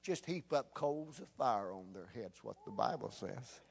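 A man preaching a sermon as pastor, animated, repeating words and calling out for amens. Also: medium pitch, unhurried, creaky, breathy edge.

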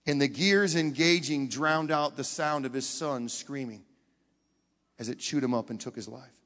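A man preaching a sermon, telling a story with dramatic swings from hushed to loud and putting questions straight to the audience. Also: mid-range voice, moderate pace. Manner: talks directly to the audience with questions. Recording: long hall reverb.

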